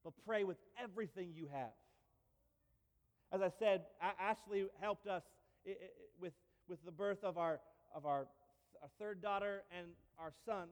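A male pastor giving a sermon in a church, telling stories with lively humor and repeated phrases. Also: sits high, normal speed, in a large hall. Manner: animated storytelling with repeats and humor.

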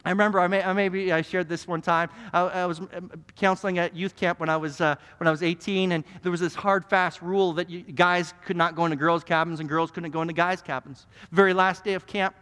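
A male pastor with a notably high voice delivers a sermon with emphatic, animated storytelling. His words ring through a church sanctuary with a long hall reverb. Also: a little fast, few pauses, clear, resonant tone.

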